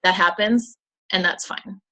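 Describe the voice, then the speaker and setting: A young mother with a bright, sharp voice chats upbeat to her sales team. Her talk is casual and motivational, with quick stories from home. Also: medium pitch, fairly even intonation, rough recording. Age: young adult. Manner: upbeat, chatty, tells stories about her kids. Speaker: co-host of a sales team call.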